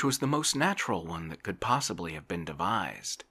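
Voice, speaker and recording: A man reading a classic novel aloud in a soft ASMR style, slow and soft-spoken, sometimes slipping into a whisper. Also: low voice, very animated, breathy edge. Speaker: ASMR reader.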